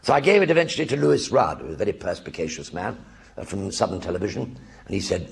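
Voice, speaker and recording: Older man spinning animated stage anecdotes. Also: sits low, quick pace, vocal fry, a little hiss or hum. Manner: animated raconteur acting out other people's voices. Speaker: actor telling stories on stage. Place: theatre stage before a live audience.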